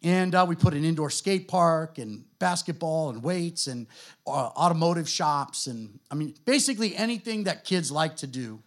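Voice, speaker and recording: A middle-aged man with an American accent, a guest pastor telling his story to a church in a relaxed, conversational way, full of fillers. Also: on the high side, normal speed. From United States. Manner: conversational, self-deprecating, many fillers.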